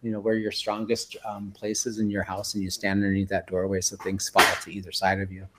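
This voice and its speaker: Appearing as a health guest in a casual radio chat, a man around sixty rambles through his stories, filling them with "like" and "you know." He has a deep, fairly bright voice with a completely flat delivery and a fairly quick pace.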